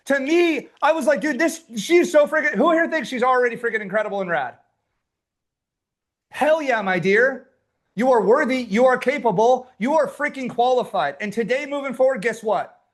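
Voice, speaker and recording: A man's voice: very high-pitched, moderate pace. A man coaching a live online workshop, fired-up and pushy, who swears casually as he urges people on. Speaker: business coach running a workshop.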